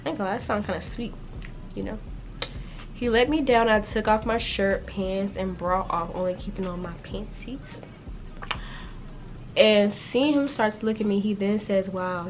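A young woman YouTuber reads her old writing aloud and reacts to it casually, animated and slangy, laughing often as she goes. Her voice is medium-pitched, with a little hiss or hum.

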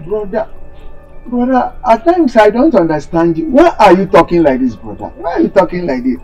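A man's voice: heavily acted, rough recording. A man with a Nigerian accent playing a greedy younger brother who keeps pleading for his elder brother's land. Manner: wheedling, repeats "brother" with sharp pitch swings. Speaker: scheming younger brother, chief.

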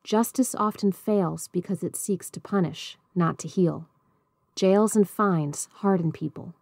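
A woman voicing a patient woman circle keeper in a storybook reading, measured and gentle. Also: on the low side, gravelly, no echo, clean studio sound. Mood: calm.

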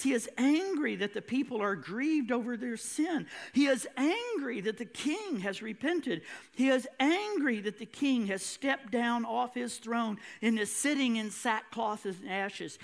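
A man's voice: extremely high pitch, vocal fry. A male pastor preaching a sermon with an emphatic, repetitive cadence.

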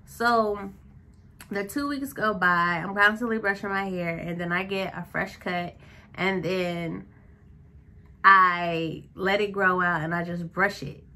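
Woman vlogger, unhurried delivery, tense bright tone, chatty rambling storyteller. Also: lowish voice, fairly even intonation. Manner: rambling, chatty, with many likes and self-corrections. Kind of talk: casual storytime.

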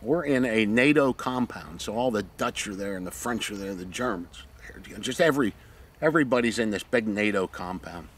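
This former Navy SEAL's voice sits on the low side and moves briskly. He recounts stories about his war buddies casually, cursing freely, full of animation, and acting out what happened.

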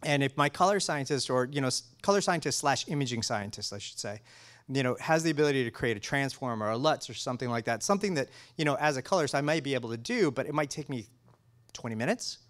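A man's voice: medium pitch, expressive, fast, fairly bright tone. A man speaking as a color scientist guest in a casual technical interview, enthusiastic and full of restarts and fillers.

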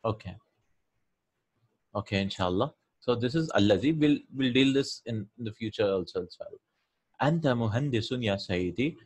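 Guy teaching arabic online, explains things slowly and patiently, keeps asking the students questions. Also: medium pitch, animated, slightly rough. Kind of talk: online language lesson.

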